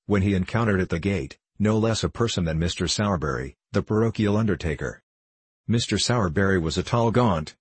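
A man narrating a classic novel as an audiobook, in a measured, even reading. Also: deep voice, breathy edge, no echo.

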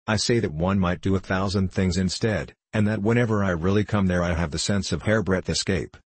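A man's voice: deep voice, fairly quick, husky, dry recording. A man voicing a passionate young male poet in an audiobook reading, speaking in a declamatory way. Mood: impassioned. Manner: impassioned, declamatory.

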